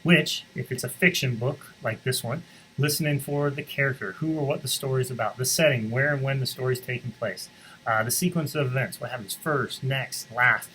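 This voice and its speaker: A man's voice: mid-range voice, a little hiss or hum, rough recording. A man reading a picture book aloud to schoolchildren and stopping to explain things to them. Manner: expressive storybook reading, pauses to explain to students. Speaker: school reader on morning announcements.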